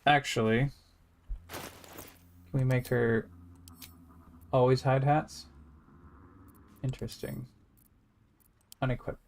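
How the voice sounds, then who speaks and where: A man's voice: mid-range voice, flat delivery, slow pace, gravelly, long pauses, slight background noise. A man giving casual, rambling let's-play commentary, thinking aloud in a wry tone. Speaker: gameplay streamer.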